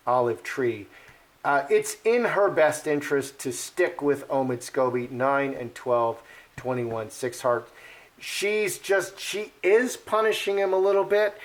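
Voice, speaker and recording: A man talking through a card reading in a loose, casual way, often pausing on fillers and starting over. His voice sits at an ordinary middle pitch for a man. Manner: rambling, with frequent fillers and restarts. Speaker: card reader.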